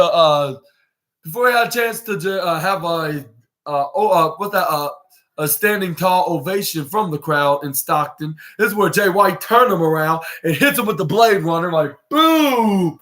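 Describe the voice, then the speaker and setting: A man hosting a podcast, rambling through a casual wrestling recap with lots of restarts and fillers, and acting out what the wrestlers said. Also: high voice. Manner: animated, acts out quoted lines. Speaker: podcast host.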